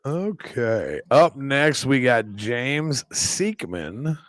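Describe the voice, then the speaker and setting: A man hosting a live stream, reacting to fights with rambling, excitable commentary. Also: mid-range voice, dry recording. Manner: excitable, rambling, quick exclamations.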